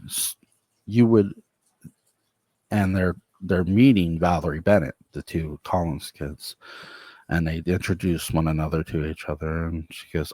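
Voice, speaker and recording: A man's voice: sits low, fairly even intonation, measured pace, dark tone, dry recording. A man casually retelling an imagined episode of a show as a fan, rambling with restarts and chuckles.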